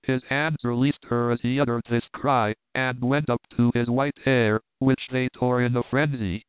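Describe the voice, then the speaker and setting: Male narrator, classic novel reading, measured, smooth voice, tinny phone-like sound. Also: mid-range voice, fairly even intonation, dry recording. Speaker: audiobook narrator.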